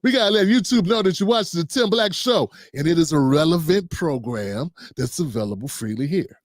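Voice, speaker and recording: Slangy middle-aged guy hosting his show, high voice, joking around with chat, dry close sound. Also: animated, fairly quick, no room sound. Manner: loose, playful, slangy, riffing with chat. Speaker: political talk show host. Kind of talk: casual livestream commentary.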